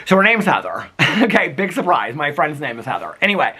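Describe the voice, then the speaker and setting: A vlogger rambles through a story for his audience, full of fillers, easy laughter and the odd squeal. His fairly high, brisk voice is bright and slightly husky, swooping up and down with energy, and it sounds casually recorded outdoors.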